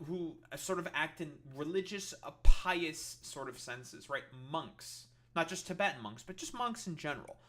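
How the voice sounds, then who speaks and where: A man's voice: on the high side, fairly bright tone. A man streamer reacting to a clip, ranting in a heated, sarcastic, profane way. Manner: sarcastic, heated, swears constantly.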